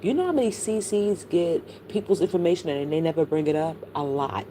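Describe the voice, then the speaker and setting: A woman's voice: low-pitched, a little fast, dark tone, a little hiss or hum, rough recording. A middle-aged woman streaming, chatting casually and bluntly about online drama, gossipy and full of profanity. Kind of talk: casual livestream chat.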